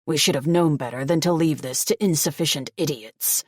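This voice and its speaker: A woman voicing a cruel older male crime boss, gruff and contemptuous, in a low voice with a dry close sound. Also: normal speed, no echo. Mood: menacing.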